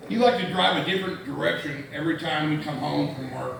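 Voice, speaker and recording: A man's voice: a little high, fast talker, creaky, recorded from a distance. A man from Indianapolis telling a profane, rambling stand-up story, stammering through restarts. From Indianapolis, USA. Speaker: stand-up comedian. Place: comedy club stage. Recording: echoey room mic heard from afar with noise.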